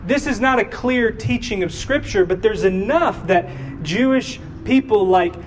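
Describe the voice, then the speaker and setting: A high-voiced man preaches slowly and deliberately, telling a family story and acting out its voices. He sounds set back from the microphone, with a faint hum of the room behind him. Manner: animated, acts out voices in his stories. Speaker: pastor. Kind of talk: sermon with personal storytelling. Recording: distant mic with faint room noise.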